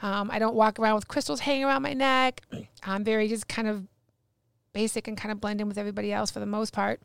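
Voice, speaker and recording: A woman guest on a podcast, telling a personal story in a casual, animated way and acting out the dialogue. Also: mid-range voice, fast talker, creaky, clear, resonant tone, no room sound. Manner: animated, acts out quoted dialogue. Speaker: guest medium.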